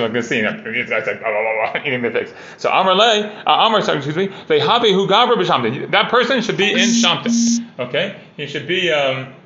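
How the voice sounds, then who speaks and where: Lively, fast-talking man teaching Talmud. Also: fairly high pitch. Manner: conversational, full of "like" and "you know"; reads Aramaic passages, then explains in plain English. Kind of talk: casual Talmud class, reading and translating. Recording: dull, roomy recording.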